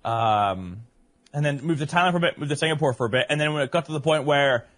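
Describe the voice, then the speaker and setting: Bright-voiced man with a mixed accent. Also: on the high side, fast talker. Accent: mixed English, Northern Irish and American. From Northern Ireland and England, raised abroad. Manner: laughing, swearing, animated storyteller. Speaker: podcast guest. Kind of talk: casual chat.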